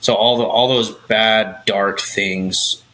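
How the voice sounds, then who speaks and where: A man's voice: lowish voice, steady tone, slow, pushed and bright, poor audio. A man speaking as a podcast guest, telling personal stories candidly and swearing freely.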